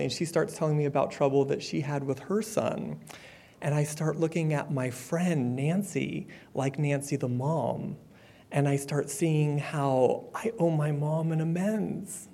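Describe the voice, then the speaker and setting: A middle-aged man giving a personal testimony at a support meeting, candid and conversational, with fillers and the odd soft laugh. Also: on the high side, fairly even intonation, unhurried, gravelly. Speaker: speaker sharing his recovery story.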